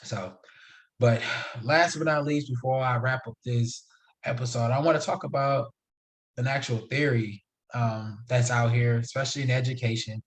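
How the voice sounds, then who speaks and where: A man's voice: medium pitch, fairly even intonation, moderate pace. A young man hosting a solo podcast, talking casually in a slangy, emphatic, preachy way. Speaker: podcast host.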